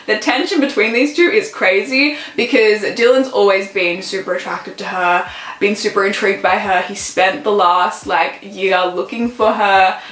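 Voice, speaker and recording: Teen woman, book vlogger, gushing chatter, mid pitch, echoey room. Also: a bit bright. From Australia. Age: late teens. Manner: gushing, chatty, fond of "literally" and "so good". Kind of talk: casual book recommendations.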